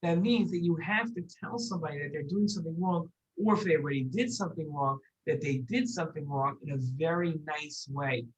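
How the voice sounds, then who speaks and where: A children's Torah teacher telling a lesson story, gentle and repeating words for emphasis. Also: mid-range voice, brisk, hardly any pauses, muffled recording, a little hiss or hum.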